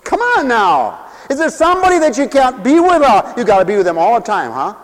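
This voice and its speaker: A man's voice: very high voice, expressive, fast talker. Man, preacher, theatrical, laughs at own jokes, long hall reverb. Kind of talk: humorous sermon.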